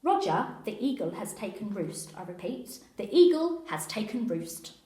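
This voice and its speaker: A woman's voice: mid-range voice, big pitch swings, normal speed, dark tone, echoey room, close to an everyday voice. A woman voicing an earnest male police constable who talks in stiff radio code. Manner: formal radio-code talk.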